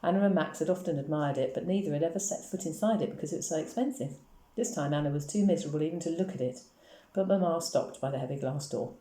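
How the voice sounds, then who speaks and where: The clip is a novel read aloud by a woman whose voice is low and mellow. She moves quickly and steadily through the story, with noticeable room echo.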